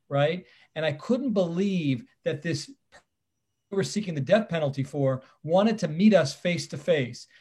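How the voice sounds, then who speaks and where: A man in his fifties, a lawyer and guest, telling personal stories with animated, emphatic delivery and acted-out dialogue. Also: high voice. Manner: animated, emphatic storyteller who acts out the dialogue. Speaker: guest, criminal defense attorney. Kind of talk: personal storytelling in conversation.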